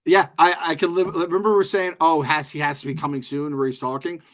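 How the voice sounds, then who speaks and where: A man's voice: on the high side, little pitch movement, fast, a bit bright. A man co-hosting a podcast, chatting loosely about a TV episode, joking and swearing often. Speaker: podcast co-host. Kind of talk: casual show recap chat.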